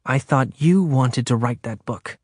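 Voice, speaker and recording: A man's voice: mid-range voice, a little slow, husky, no echo, studio quality. A man reading an audiobook, voicing a defiant young woman from Earth who teases and insists. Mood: teasing. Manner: teasing, confident.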